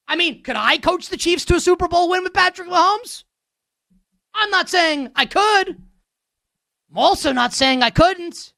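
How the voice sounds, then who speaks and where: A man's voice: very high voice, bright, forceful tone, no echo, studio quality. A man hosting a sports betting show, delivering a heated, sarcastic rant with emphatic repetition. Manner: sarcastic, ranting.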